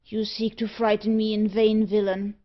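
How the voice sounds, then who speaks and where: A proud, troubled gentleman who stands firm against his tormentors, voiced by a woman narrating. He speaks earnestly at a middling pitch, and the sound is a bit muffled. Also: level tone, normal speed, natural voice. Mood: defiant. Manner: earnest, defiant.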